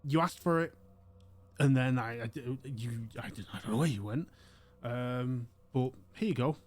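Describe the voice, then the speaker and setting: A man's voice: mid-range voice, moderate pace, close to an everyday voice. A man voicing a small, frail old male librarian in his seventies who stammers and fusses. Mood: friendly. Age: 70s. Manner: flustered, stammering, doddering.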